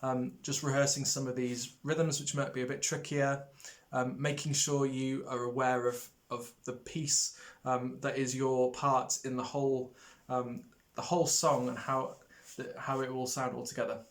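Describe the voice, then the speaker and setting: A man's voice: mid-range voice, level tone, moderate pace. A man teaching brass players in a recorded lesson, friendly and hesitant, with many ums, singing rhythms out as "da". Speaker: music teacher.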